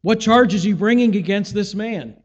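A man's voice: sits high, moderate pace, long reverb tail, lo-fi sound. A man preaching a sermon, teaching and asking rhetorical questions, acting out the voices he quotes.

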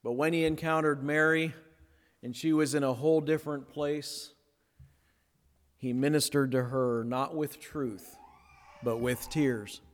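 A man preaching a sermon, pausing for effect and dropping to a near hush on key words, then building again. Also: medium pitch, fairly even intonation. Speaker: pastor. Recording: long hall reverb.

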